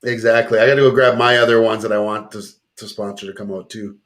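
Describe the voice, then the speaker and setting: A man's voice: lowish voice, fairly even intonation, quick pace, fairly bright tone. A man hosting a casual chat show, joking around and reading sponsor plugs. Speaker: talk show host.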